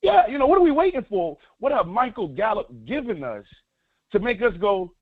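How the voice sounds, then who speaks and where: An eager male fan calls in over a tinny phone line, pressing his case with insistent questions. His voice sits very high for a man. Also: big pitch swings, a little fast, dry recording. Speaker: caller. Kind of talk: fan call-in.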